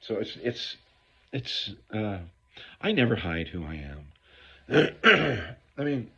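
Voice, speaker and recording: A man's voice: fairly low pitch, sing-song, slow pace, slightly rough. A middle-aged man giving a candid recovery talk to viewers, blunt and profane as he rambles through his stories. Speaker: recovery speaker. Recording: dull lo-fi recording.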